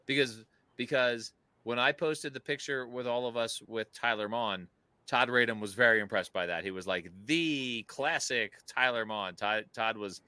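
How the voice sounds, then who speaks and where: A man hosting a podcast, telling stories in an animated way and laughing often. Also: mid-range voice, normal speed, clear, resonant tone, no room sound. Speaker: podcast host. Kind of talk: casual chat.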